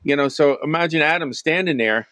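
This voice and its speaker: A man's voice: fairly high pitch, brisk, pushed and bright, no echo, studio quality. A man in a casual Bible discussion, telling the story conversationally with many "you know"s.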